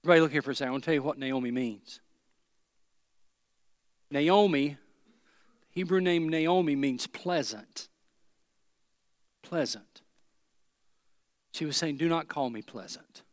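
A man's voice: fairly high pitch, measured pace, long pauses, dry recording, clean studio sound. A man preaching a sermon with emphasis, driving his points home through repeated phrases.

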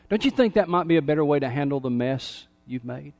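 A middle-aged male pastor preaching a sermon, swinging between emphatic raised calls and soft, quiet lines. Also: on the high side, animated, brisk, hardly any pauses.

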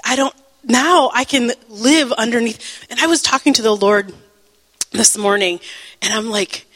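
A woman teaching the Bible through a personal testimony, emotional and halting, with many fillers and restarts, and breaking into laughter at times. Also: on the high side, a bit bright, big-room sound, poor audio.

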